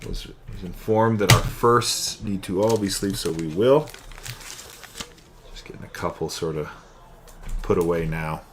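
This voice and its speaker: A man's voice: sits low, measured pace, pauses often, background noise. A young man hosting a live card-opening stream, chatting and calling out each card as he pulls it. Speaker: card break host.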